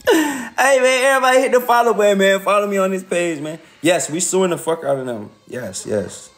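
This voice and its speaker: Animated, cussing man on a livestream. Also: high voice, brisk. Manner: profane, animated, laughing often. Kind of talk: casual livestream rant.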